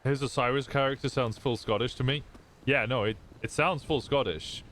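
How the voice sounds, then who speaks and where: A man's voice: medium pitch, normal speed, fairly bright tone, a little hiss or hum. A man streaming, chatting casually, rambling and swearing freely as he thinks aloud.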